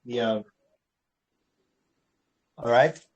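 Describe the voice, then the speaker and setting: A man teaching an online English lesson on word stress, slowly repeating words and checking in with "all right". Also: mid-range voice, dull audio. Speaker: English tutor.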